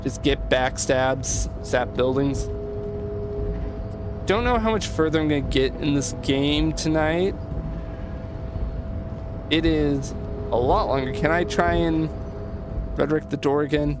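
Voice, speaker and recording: A man's voice: a little high, slow pace, long pauses, over music. A man streaming a game, rambling in a loose, casual way and swearing now and then.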